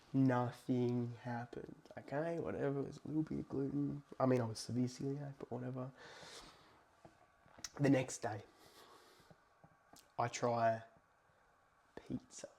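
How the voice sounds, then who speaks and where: A young man tells a story to camera in casual, profane talk, swinging from loud outbursts to hushed asides. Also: medium pitch, gravelly, slight background noise. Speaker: vlogger.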